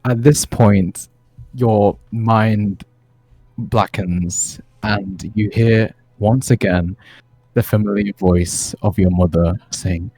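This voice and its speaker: A man's voice: lowish voice, steady tone, slow, mellow, slightly rough, no room sound, soft background music, rough recording. A man narrating a tabletop game as game master, hesitant with many fillers.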